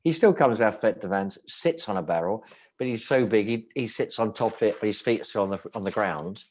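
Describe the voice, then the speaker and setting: A man's voice: lowish voice, brisk, darkish tone. A man, a restaurant owner, telling wry rambling stories in casual chat, often breaking off and restarting. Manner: rambling, self-interrupting, wry.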